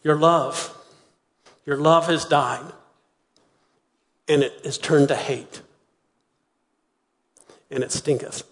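A man preaching a sermon, retelling a story with lively acted-out voices. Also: on the high side, takes it slowly, pauses often, long reverb tail. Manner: animated storytelling, acting out voices. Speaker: pastor.

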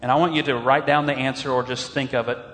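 A man preaching a sermon as pastor, earnest and animated, slowing down on emphatic phrases. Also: medium pitch, long reverb tail.

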